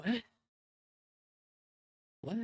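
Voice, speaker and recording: A man's voice: drawn-out words, a little mellow, no echo. A young man hosting casual drama commentary, rambling and profane, restarting sentences and laughing at what he reacts to.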